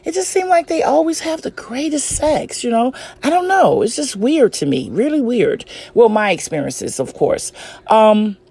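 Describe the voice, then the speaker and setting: A woman's voice: a little high, big pitch swings, moderate pace, husky. A woman talking casually and bluntly about relationships, cursing and laughing often and addressing her listeners directly. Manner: addresses listeners as ladies and gentlemen. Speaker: relationship advice host. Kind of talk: casual advice monologue.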